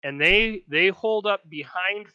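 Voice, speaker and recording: A man's voice: high voice, a little slow, sharp tone, clean tone, no room sound. A man narrating as game master, talking in a loose, chatty way with frequent restarts. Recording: slightly dull lo-fi mic.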